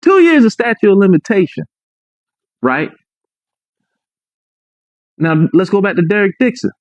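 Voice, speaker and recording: A man's voice: high-pitched, sing-song, unhurried, dry recording. Emphatic man on muffled dry audio. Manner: emphatic, repeats points, asks "right?". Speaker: man telling his own story. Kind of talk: emphatic personal account.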